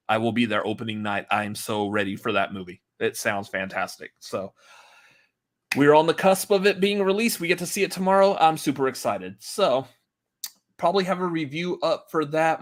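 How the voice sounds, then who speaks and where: Guy hosting a movie podcast, rambly and chatty, mid pitch. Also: fairly bright tone. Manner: rambling, chatty, laughs often. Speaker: podcast host. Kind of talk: casual chat.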